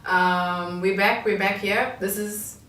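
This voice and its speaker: A woman's voice: medium pitch, fairly even intonation, slow, bright, forceful tone. Host, female, chatty and self-aware, roomy distant sound with faint hiss. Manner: laughing, chatty, self-conscious. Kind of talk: casual chat.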